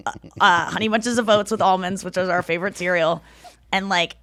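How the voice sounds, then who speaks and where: A woman's voice: lowish voice, steady tone, brisk, a bit bright, no echo. A woman hosting a podcast, telling crude, playful stories in casual chat. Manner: candid, crude, playful storytelling. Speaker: podcast host.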